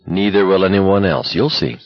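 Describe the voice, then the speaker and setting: An eerie young walker speaks slowly and calmly in a low voice, certain of himself, as a man reads him. The tone is slightly husky. The audio is dull and lo-fi. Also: dry recording, soft background music. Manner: calm, low, measured. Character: calm, eerie young male walker, quietly confident.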